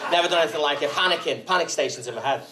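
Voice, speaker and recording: A man's voice: a little high, racing, bright, forceful tone, some chatter behind. A man with an English accent doing stand-up at a comedy night in a rambling, scatterbrained way, often asking whether people know what he means. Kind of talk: stand-up routine.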